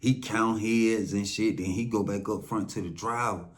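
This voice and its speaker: A man with an Atlanta Southern accent telling a first-hand story casually, profane and loose, acting out quotes with lively voices. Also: fairly low pitch, moderate pace. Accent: Southern American, Atlanta.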